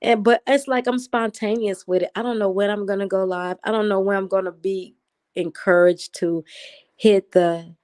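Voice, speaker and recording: A woman hosts a relaxed late-night livestream from home, reading and answering viewers' comments as they arrive. Her medium-pitched voice is clean and moderately paced, naturally sounding excited and animated even during simple chatter.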